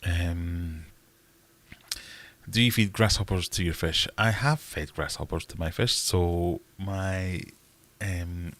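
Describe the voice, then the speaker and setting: A man's voice: sits low, steady tone, takes it slowly, a bit bright. A man hosting a casual livestream, answering chat in a rambling, wry, self-mocking way. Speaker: livestream host reading chat.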